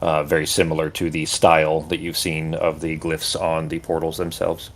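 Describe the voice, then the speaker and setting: A man running a tabletop game as game master, describing scenes with frequent pauses and restarts. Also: rumbling low, completely flat delivery. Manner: hesitant, restarts often while describing.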